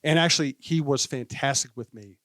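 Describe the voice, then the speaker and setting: A man with a Midwestern accent, a veteran sportscaster guest telling an anecdote in a brisk, relaxed way. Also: mid-range voice, no room sound. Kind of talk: casual storytelling chat.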